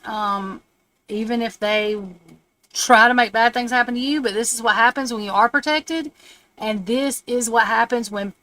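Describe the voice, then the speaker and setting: This live-stream tarot reader, broadcasting from her home setup, has a slightly bright voice on the high side. She chats and rambles through the reading, laughing at her own comments.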